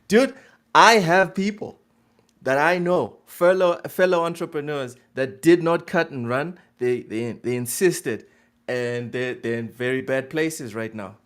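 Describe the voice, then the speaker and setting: Animated, swearing male podcast co-host. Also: mid-range voice, unhurried, smooth. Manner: animated, swears, laughs a lot. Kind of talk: casual gaming podcast chat.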